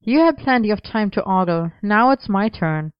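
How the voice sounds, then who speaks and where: A cheeky, teasing young man, voiced by a woman. He sounds smooth and a touch raised in pitch, playful in every line. The recording is dry and slightly dull. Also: animated, normal speed, no echo, lightly acted.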